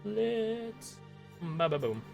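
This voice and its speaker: A man running a tabletop game as game master, narrating in a lively, jokey way. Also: high voice, very slow, gravelly, music in the background.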